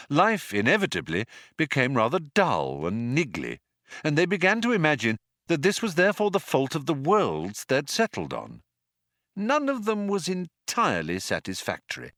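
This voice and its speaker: A man giving wry, richly expressive scripted audiobook narration. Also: a little high, normal speed, no echo, clean studio sound.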